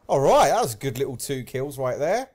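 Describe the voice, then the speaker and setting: A young man commentating live gameplay, swearing often and yelling at kills and deaths, with a slight cough. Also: mid-range voice, fairly quick. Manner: excitable, swears a lot, shouts at game events. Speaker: gaming commentator.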